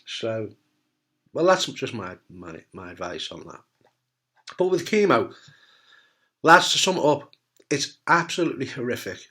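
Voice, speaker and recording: A man's voice: medium pitch, big pitch swings, a little slow, pauses often, a bit bright. A middle-aged man from the UK, a cancer survivor talking candidly to camera, blunt and jokey, swearing casually and often asking "right?". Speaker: testicular cancer survivor giving advice.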